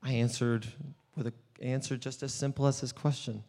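An actor playing an earnest, desperate blind male beggar in a dramatic first-person monologue, swinging between hushed and loud storytelling. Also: mid-range voice, steady tone, normal speed, natural voice. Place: church hall. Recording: long church hall reverb.

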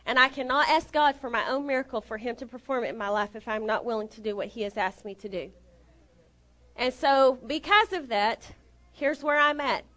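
Middle-aged lady preaching, tells stories and does the voices, high bright voice. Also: normal speed. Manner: animated, self-deprecating, acts out dialogue. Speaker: lay preacher. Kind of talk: storytelling sermon.

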